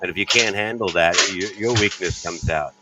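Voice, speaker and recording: Blunt, low-voiced profane comedian. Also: male voice, moderate pace, heavy background noise. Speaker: comedian guest. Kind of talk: casual podcast chat.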